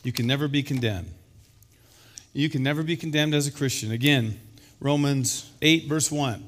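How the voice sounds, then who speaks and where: A man preaching a sermon as pastor, slightly hoarse from illness, building to emphatic exclamations. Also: medium pitch, moderate pace. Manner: emphatic, rising to loud exclamations.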